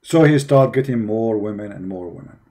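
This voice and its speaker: Mocking man with a dark voice. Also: lowish voice, animated, normal speed. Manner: mocking, emphatic, repeats rhetorical questions. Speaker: religion critic presenting. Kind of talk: commentary on articles.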